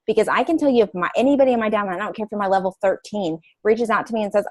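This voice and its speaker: A woman hosting a motivational coaching call, giving an energetic, playful and emphatic pep talk to her sales team. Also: medium pitch, rapid-fire, few pauses. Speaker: call host.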